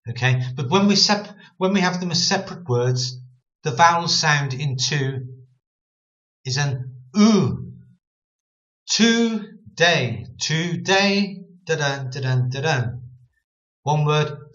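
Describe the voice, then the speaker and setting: Male Bible teacher, mid-pitched, unhurried; casual explainer who sounds words out; muffled recording. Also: fairly bright tone. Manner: repeats "okay" often, demonstrates pronunciation aloud. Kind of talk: casual explanatory talk to camera.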